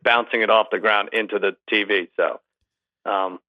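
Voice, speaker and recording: Deadpan man on a dull, muffled line. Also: on the low side, moderate pace. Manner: deadpan storytelling, teasing. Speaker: regular podcast guest. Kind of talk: casual chat.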